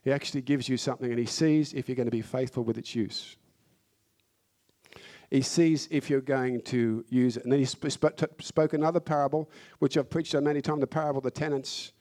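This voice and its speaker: A man's voice: mid-range voice, fairly even intonation, fairly quick, warm tone. A man preaching a sermon, fervent and emphatic, repeating phrases to drive points home.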